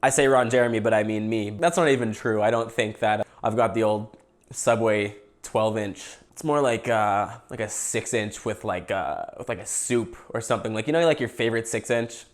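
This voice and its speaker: A man's voice: on the low side, moderate pace. A young Canadian man hosting a casual podcast livestream, rambling and joking while he eats. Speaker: podcast host.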